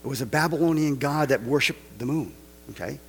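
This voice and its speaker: A man with a husky voice preaches a casual sermon, tossing out rhetorical questions and wry joking asides. His voice carries through the long, lingering reverb of a large church hall. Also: medium pitch, fairly quick. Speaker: pastor.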